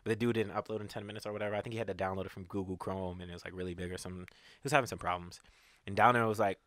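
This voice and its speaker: Casual man with a bright, dry voice. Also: fairly low pitch, fast, no echo. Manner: casual, filler-heavy, lots of "like". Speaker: podcast co-host. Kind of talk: casual chat, storytelling.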